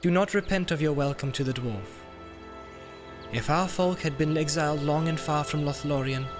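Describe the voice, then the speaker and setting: A man reading an audiobook, voicing an ancient, wise elf queen who speaks gravely and solemnly. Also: fairly high pitch, normal speed, over music, pitched above the performer's own voice, natural voice.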